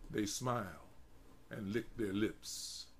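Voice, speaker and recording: A man narrating his own first-person prose as a dramatic reading, in a slow, deliberate and vivid delivery. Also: fairly low pitch, slightly rough. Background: marimba music.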